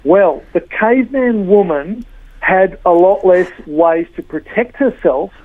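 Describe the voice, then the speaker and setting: A woman's voice: fairly low pitch, slow. A woman, a body language trainer, explaining things as an interview guest with frequent fillers and restarts. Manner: explanatory, with many fillers and repeats. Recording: tinny dry phone line.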